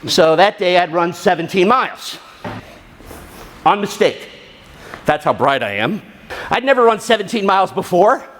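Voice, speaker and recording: A man's voice: sits high, lively intonation, normal speed, pauses often, fairly bright tone, slight background noise. A middle-aged man from the American Midwest telling a story to an audience, acting out his own inner voice with animation. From Southern Illinois.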